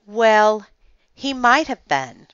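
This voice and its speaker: A woman's voice: on the high side, sing-song, extremely slow, a bit bright, smooth, dry recording, dull audio, voice pushed up, full character voice. Lady doing a worried kid, mumbles, feels guilty, read-aloud story.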